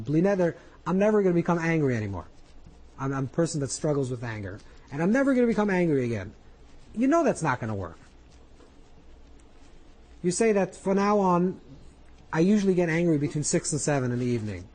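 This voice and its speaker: A man's voice: on the high side, darkish tone, low-quality recording. A man, a rabbi, giving an earnest spoken Torah class, coaching listeners through their inner voices with frequent repetition.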